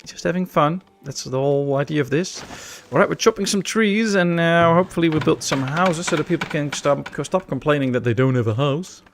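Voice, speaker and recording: Gravelly Dutch man with a chatty streamer manner. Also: on the high side, fairly quick, few pauses, a little hiss or hum. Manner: chatty, laid-back, answers chat with jokes. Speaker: gaming streamer. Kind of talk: live-stream gameplay commentary.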